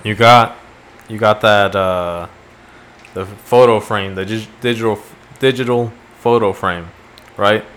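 Male podcast co-host, loose and animated storyteller, salty language, faint background hiss. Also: fairly low pitch, measured pace, long pauses. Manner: animated storytelling, swearing, laughs often. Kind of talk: casual chat.

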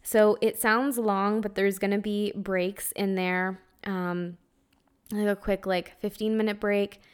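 A woman's voice: medium pitch, flat delivery, takes it slowly, clear, resonant tone. A young woman hosting a spiritual podcast in a casual monologue. She speaks earnestly and conversationally, with lots of "like" and the odd swear word, and she is emotional, close to tears. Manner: earnest, conversational, heavy use of "like", occasional swearing. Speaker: podcast host.

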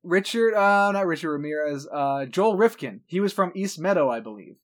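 A man from Long Island chatting casually on a podcast. His voice sits slightly high and he swears freely. He stumbles and restarts as his thoughts pile up. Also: lively intonation, moderate pace. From New York, Long Island. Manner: rambling, stuttering, swears a lot. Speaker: podcast co-host. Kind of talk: casual chat.

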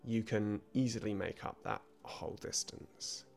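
A man's voice: on the low side, a little slow, gravelly, darkish tone. A man narrating as game master, describing scenes in an easygoing way over faint music.

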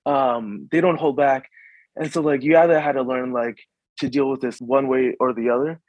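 A man's voice: mid-range voice, fairly even intonation, no echo. Young guy from the dc suburbs, lots of "like" and restarts, dry muffled recording. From suburbs of Washington, DC. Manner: halting, full of "like" fillers and restarts. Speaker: guest. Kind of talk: casual conversation.

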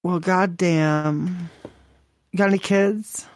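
A man's voice: high voice, steady tone, slow. A man hosting a crude prank call podcast, mocking and rambling with lots of profanity.

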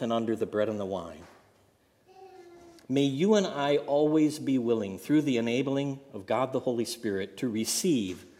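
A man's voice: medium pitch, darkish tone, long reverb tail. A man preaching a sermon as pastor, earnest, with a storytelling aside.

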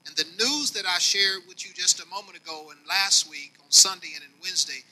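A man preaching to his congregation as their longtime bishop, swinging between quiet and loud and speaking to them directly. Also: sits high, fairly quick, hardly any pauses, low-quality recording. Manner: folksy, talks directly to the congregation. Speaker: pastor. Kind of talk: sermon.

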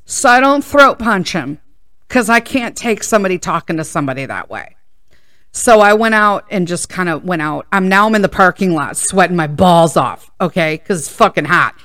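A woman's voice: lowish voice, a bit bright, dry recording, studio quality. A woman hosting a casual storytelling podcast, ranting profanely and drifting into tangents. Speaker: podcast host.

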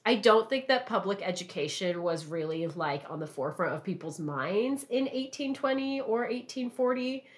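A woman's voice: medium pitch, animated, normal speed, few pauses. Agreeable woman chatting, laughing easily. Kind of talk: casual chat.

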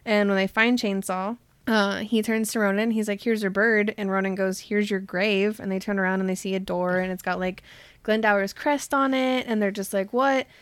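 A woman hosting a casual book chat, retelling scenes with lots of quick voiced quotes and laughter. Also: medium pitch, fairly even intonation, smooth, no room sound. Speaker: podcast host recapping a book.

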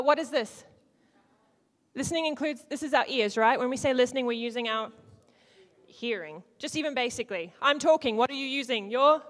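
Woman, higher voice, playful interactive teaching, loud-to-hushed swings, long hall reverb. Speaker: speaker teaching a church group.

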